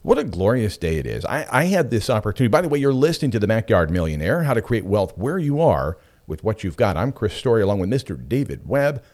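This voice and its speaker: A man's voice: on the low side, fast talker, few pauses. A middle-aged man hosting a radio show, talking casually and telling stories with frequent asides. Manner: animated, chatty storyteller with frequent asides. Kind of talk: casual talk radio monologue.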